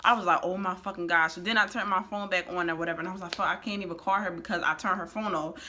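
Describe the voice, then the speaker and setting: A woman's voice: fairly low pitch, steady tone, racing, pushed and bright. A young woman, casually telling her side of a shared story, laid-back and swearing. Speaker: vlogger, partner in the story.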